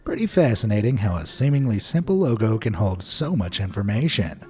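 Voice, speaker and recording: A man's voice: lowish voice, sing-song, a little fast, darkish tone, soft background music. A man narrating a scripted video, with playful, wry asides.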